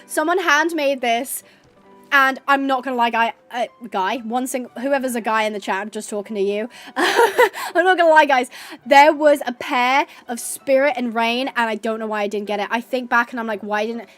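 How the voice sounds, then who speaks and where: A woman's voice: a little high, a bit bright. A woman in her twenties chatting casually while playing a game, bubbly and gushing, with lots of filler words. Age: 20s. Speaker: streamer. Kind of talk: casual chat while gaming.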